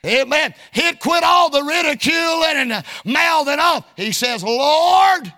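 A male preacher delivering a sermon in a sing-song cadence, often shouting, with folksy colloquial phrasing. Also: very high-pitched, animated, measured pace.

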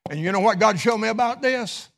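A middle-aged pastor preaches in a church with a high, gravelly voice. His phrases rise into a half-sung chant and then sink to a hushed prayer. Soft music plays underneath him. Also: brisk. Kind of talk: sermon. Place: church sanctuary.

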